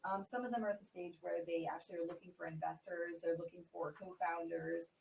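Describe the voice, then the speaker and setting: A woman guest answers interview questions quickly, with a rather low, gravelly voice. She sounds distant from the microphone, with faint noise behind her. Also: steady tone, a little mellow. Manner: quick, explanatory, uses fillers like "like" and "um". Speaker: tech organization CEO, guest.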